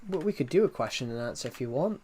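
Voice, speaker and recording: A young male livestreamer answers viewers in a casual, rambling chat, full of restarts and false starts. He has a thick accent and a mid-range, dark-toned voice with lively intonation and a quick pace, and he jokes in a self-deprecating way. Slight background noise is present.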